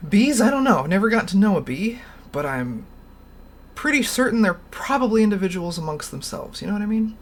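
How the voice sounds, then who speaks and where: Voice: mid-range voice, big pitch swings, brisk. A livestream host telling stories in a casual, rambling way, laughing often and swearing casually.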